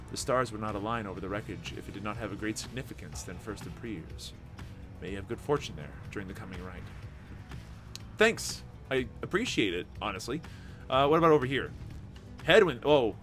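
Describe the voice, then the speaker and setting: A man hosting a gameplay video, reading the game's text aloud and commenting with excitement. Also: fairly low pitch, a little fast, over music. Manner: animated, reads dialogue aloud with excitement.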